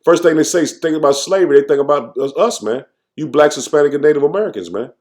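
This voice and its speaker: A man giving an informal, fervent sermon, reading verses slowly and then commenting, tagging "man" onto nearly every phrase. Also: a little high, a little mellow. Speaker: scripture teacher. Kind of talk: informal preaching with scripture reading.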